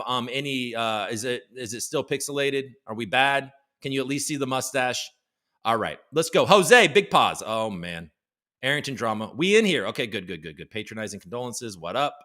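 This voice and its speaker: A man's voice: mid-range voice, bright, forceful tone. A man hosting a casual live stream, joking around and greeting viewers in the chat by name. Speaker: livestream show host.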